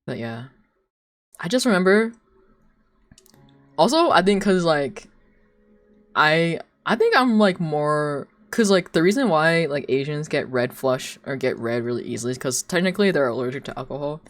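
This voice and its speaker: A young woman streams while she draws, chatting casually and telling animated stories full of giggles. Her voice sits low and she speaks at a normal speed.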